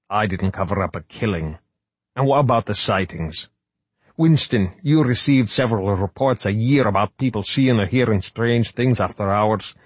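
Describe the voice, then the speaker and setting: Blunt stern museum man read by a male narrator, husky, low, dry close sound. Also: no echo. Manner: dubious, blunt, lecturing.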